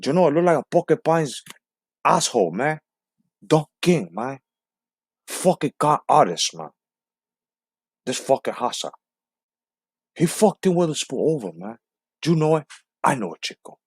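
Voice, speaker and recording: A man's voice: a little high, sing-song, measured pace, long pauses, husky, no room sound, studio quality, exaggerated voice. A man voicing a swaggering, foul-mouthed Cuban gangster who taunts and boasts, tacking "man" onto nearly every phrase. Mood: boastful.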